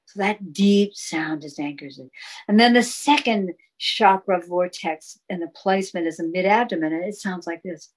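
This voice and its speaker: A woman with a voice on the low side talks at a normal speed as a guest in a casual interview. She explains sound healing encouragingly and fluidly, demonstrating chanted tones along the way. The audio quality is poor.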